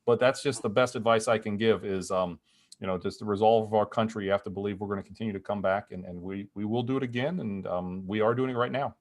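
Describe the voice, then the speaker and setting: Male market strategist on a video call, rapid and energetic, casual with restarts. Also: lowish voice. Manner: energetic, talks fast with frequent restarts and acted-out quotes. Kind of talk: animated conversational explanation.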